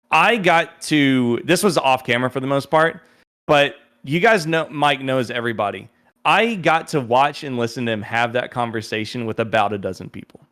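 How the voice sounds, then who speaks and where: A man's voice: medium pitch, moderate pace. A man telling a road trip story in a casual podcast chat, acting out the people he quotes. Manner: animated storyteller who acts out quotes. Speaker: podcast guest.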